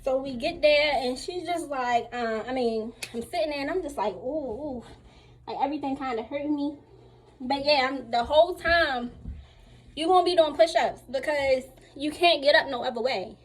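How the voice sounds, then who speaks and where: A young woman, telling a lively storytime about her surgery recovery at home while still a little sore. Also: sits high, normal speed. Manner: chatty, animated retelling with acted-out quotes. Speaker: vlogger. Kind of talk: casual storytime while getting dressed.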